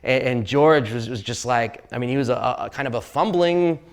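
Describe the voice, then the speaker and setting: A man's voice: medium pitch, moderate pace, clear, resonant tone. A man giving a casual storytelling talk to an audience in a university lecture hall, rambling and jokey, with plenty of fillers and restarts. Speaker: sportswriter giving a public talk.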